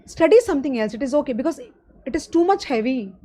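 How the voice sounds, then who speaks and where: A high-pitched woman with an Indian English accent teaching exam finance in a live online class. She explains each step plainly and keeps checking in with her students as "guys." Her voice sits well above most women's. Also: animated, brisk. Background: loud drums of a street festival.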